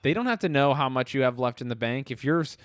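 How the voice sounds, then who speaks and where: A man in his thirties co-hosting a podcast in casual chat, animated and quick to laugh, acting out quotes in a higher voice. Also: clear, resonant tone, no room sound. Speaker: podcast co-host.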